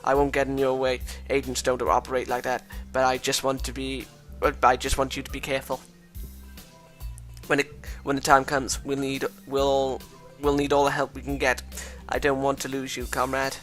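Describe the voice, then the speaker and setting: A man's voice: medium pitch, completely flat delivery, moderate pace, a bit bright, soft background music, close to an everyday voice. A Welsh man voicing a paranoid, conspiracy-minded schoolboy who rambles and trips over his words. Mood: conspiratorial.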